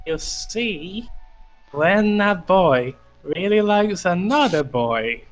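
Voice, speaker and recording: Slow, high-voiced man playing a tabletop game. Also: lively intonation, faint music behind. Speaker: player. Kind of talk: casual tabletop game chat.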